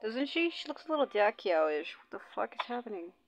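A woman's voice: fairly high pitch, big pitch swings, brisk, no echo. A young woman host chatting casually and with lots of swearing while commenting on her gameplay. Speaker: gaming channel host. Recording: dull lo-fi audio, faint game music.

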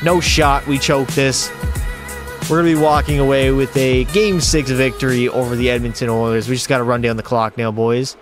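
A man's voice: mid-range voice, fairly quick. A man streaming a hockey video game, calling the plays and chatting with his viewers. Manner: excitable play-by-play, talks to chat. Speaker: gaming streamer. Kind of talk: live gameplay commentary. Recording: faint music behind the voice.

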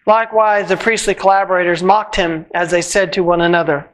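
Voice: medium pitch, steady tone, fairly quick, hardly any pauses, fairly bright tone, rough recording. Solemn church scripture reader. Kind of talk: reading a Passion narrative at a church service.

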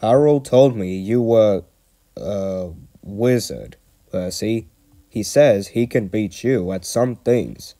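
Man playing a stout storybook railway boss, firm, kindly, slow and low. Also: lively intonation, warm tone. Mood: approving.

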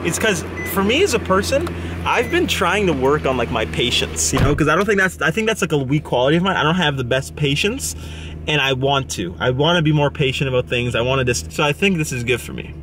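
A man's voice: a little high, roomy sound, background noise. A young man from Canada vlogging casually with friends, joking and swearing as he talks. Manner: animated, joking, swears often. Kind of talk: casual vlog chat.

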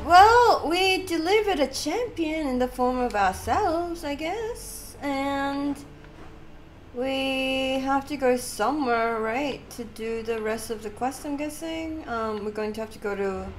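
A woman's voice: high voice, very animated, slow pace, slight background noise. Chatty, giggly woman gamer. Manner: giggly, chatty, reacting with bursts of laughter. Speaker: gaming channel host. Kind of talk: casual let's-play commentary.

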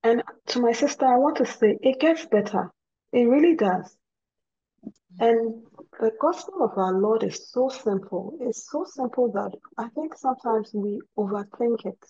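A woman's voice: on the high side, measured pace, mellow, highs cut off. Earnest woman giving a Christian testimony. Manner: earnest, repeats words and phrases for emphasis. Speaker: guest speaker at a women's ministry program.

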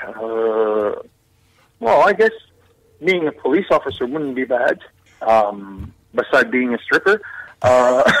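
A man's voice: mid-range voice, fairly bright tone, rough recording. A man calling in to a radio interview by phone, joking around, hesitating with lots of fillers and laughs. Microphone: telephone.

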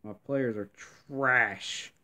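A man's voice: medium pitch, very slow, bright, forceful tone. A man giving live gameplay commentary, grumbling and complaining in frustration with mild cursing throughout.

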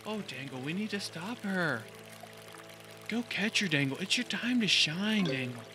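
A man voicing a lazy, unbothered male senior sheriff in a video game, speaking flat, calm and low-key. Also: moderate pace, music in the background. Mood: lazy urging.

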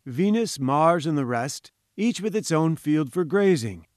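A haughty scientist , put on by a male audiobook reader, holds forth with grand, patronizing certainty. The voice sits a touch high and the sound is dry and close, as if spoken right into the mic. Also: expressive, measured pace, darkish tone, dry recording. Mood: pompous, lecturing. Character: pompous, condescending male professor-scientist. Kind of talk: audiobook character voice.

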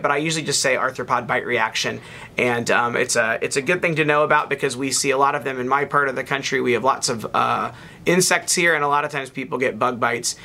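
A man, a pathologist, talking through microscope slides in a relaxed teaching tone with ums and restarts. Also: medium pitch. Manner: relaxed explaining with fillers and restarts. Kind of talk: narrated microscope slide lecture.

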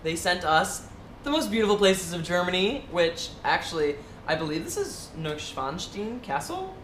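A man's voice: high voice, very animated, normal speed, fairly bright tone. A playful American man chats on camera, hamming things up and giggling. His voice bounces around an echoey room, with a faint hiss underneath. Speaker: vlog co-host. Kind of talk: casual chat.

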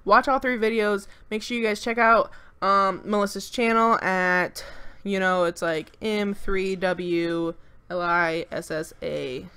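A woman's voice: mid-range voice, steady tone, slow, bright, forceful tone, smooth. A young woman co-hosting a game channel, talking through a casual voice-over into a desk mic at home. She rambles with lots of filler, brags playfully, and sounds a bit stuffy-nosed and short of breath. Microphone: desk microphone at home.

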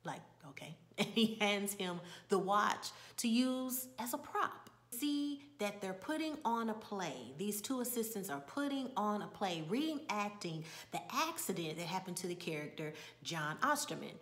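A woman's voice: medium pitch, animated, measured pace, few pauses, a bit bright. Woman casually recapping a TV episode. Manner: conversational storytelling with asides and drops to a whisper. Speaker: TV episode reviewer.

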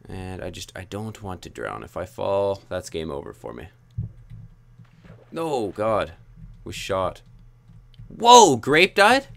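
A man's voice: low-pitched, animated, normal speed, gravelly. A young man commenting on his own gameplay, muttering frustrated self-talk with sudden yelps. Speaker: gaming YouTuber.

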